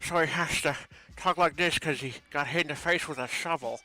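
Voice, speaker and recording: Brief: a dopey, knocked-silly young man with an odd, strained tone, played by a man. Bright, forceful delivery. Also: on the high side, a little fast, low-quality recording. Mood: goofy. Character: goofy young man talking oddly after a shovel hit.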